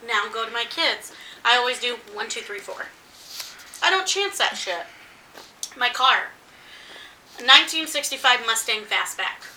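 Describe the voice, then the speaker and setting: A tipsy, giggly woman co-hosts a casual chat at home. Her voice is very bright and a little high. She sits a bit back from the mic, with faint room noise behind her. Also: measured pace, long pauses, roomy sound, distant mic, poor audio. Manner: giggly, excitable, swearing. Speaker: co-host.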